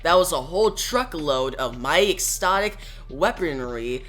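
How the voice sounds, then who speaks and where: A man's voice: on the high side, lively intonation, moderate pace, fairly bright tone, faint music behind. A man reading the lines of a female police detective from a comic, in a matter-of-fact way. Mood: wary.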